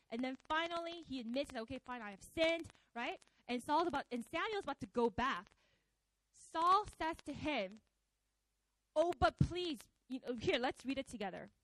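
A woman preacher giving a conversational, animated sermon, often slipping into acted quotes. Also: high voice, rough recording.

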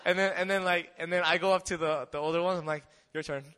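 A young man giving a lively testimony talk, telling a mission story with acted-out voices and frequent laughter. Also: sits high, quick pace, clean tone. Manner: animated storyteller, acts out voices, laughs often. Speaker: missionary speaker.

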